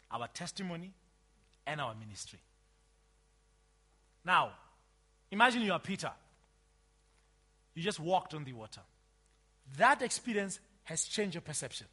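A man preaching a sermon, emphatic, swinging between loud outbursts and quiet asides. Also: fairly high pitch, breathy edge.

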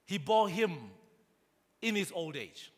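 A man's voice: high-pitched, very animated, slow pace, long reverb tail. A man preaching a sermon to a congregation, prompting them to respond and building to emphatic rises. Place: church.

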